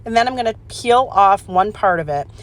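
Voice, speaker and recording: A woman hosting a casual craft demonstration, chatty and excitable, laughing at her own mistakes and filling pauses with "um". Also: mid-range voice. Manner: chatty, excitable, self-deprecating, lots of "um". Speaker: craft channel host.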